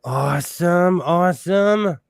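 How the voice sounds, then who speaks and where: A man's voice: high-pitched, slow pace, clean tone, no room sound, studio quality. A man hosting a sewing livestream, chatting casually, laughing often and greeting viewers by name.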